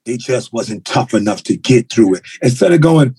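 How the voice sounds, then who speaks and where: Husky-voiced man telling blunt stories. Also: on the high side, normal speed, hardly any pauses, no echo. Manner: blunt, animated storytelling with slang. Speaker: guest, martial arts school owner. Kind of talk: casual podcast conversation. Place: podcast recording.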